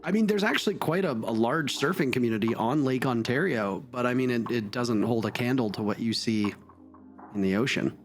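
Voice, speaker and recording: A man's voice: medium pitch, fairly quick, slight background noise. A man casting an esports broadcast, chatting loosely and correcting himself as he goes. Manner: chatty, rambling, self-correcting. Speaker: esports caster. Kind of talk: casual broadcast banter.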